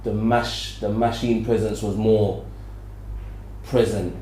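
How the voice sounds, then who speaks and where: Middle-aged man, Birmingham-meets-South-London accent; low, warm, loose and rambling; recorded in an echoey room. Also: level tone, takes it slowly, a little hiss or hum. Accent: Birmingham mixed with South London. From Birmingham, England. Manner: loose, rambling, full of "like" and restarts. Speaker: podcast guest. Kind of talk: casual interview chat.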